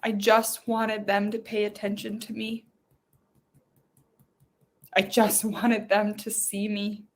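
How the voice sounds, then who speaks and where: A woman's voice: mid-range voice, flat delivery, takes it slowly, long pauses. A woman hosting a podcast, guiding listeners through an emotional release exercise in a pleading, repetitive way. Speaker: podcast host.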